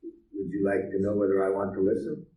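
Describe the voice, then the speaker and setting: A man's voice: sits low, flat delivery, brisk, mellow. Man leading a workshop, heard from afar. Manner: playful storytelling, teasing. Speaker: workshop leader. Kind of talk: teaching workshop with role-play. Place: workshop room. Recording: echoey room from far off, faint hiss.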